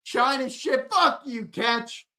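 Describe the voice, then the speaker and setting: A man's voice: very high-pitched, extremely slow. A man hosting a sports talk show, chatting casually with viewers, cursing often and joking as he reacts to comments. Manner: profane, excitable ranting with sudden loud outbursts; jokey banter, reacting to comments and laughing. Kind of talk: casual livestream chat with viewers.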